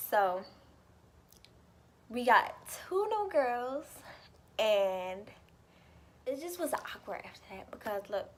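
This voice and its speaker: A young woman telling a story in a casual vlog, animated and chatty, swearing freely and laughing often. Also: on the high side, slow pace, pauses often, slight background noise. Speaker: vlogger.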